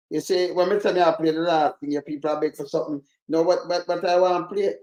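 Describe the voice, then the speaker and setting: Jamaican speaker, middle pitch, indignant questioning complaint, roomy echo. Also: fairly even intonation, fast, hardly any pauses, darkish tone. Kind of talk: street complaint to camera.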